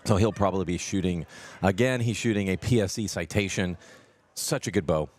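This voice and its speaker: A man with a very deep voice gives casual live commentary from a tournament. He explains things in a loose, rambling way, filling the gaps with ums and uhs. He talks into a handheld phone. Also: a little fast, darkish tone. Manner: rambling, explanatory, full of fillers.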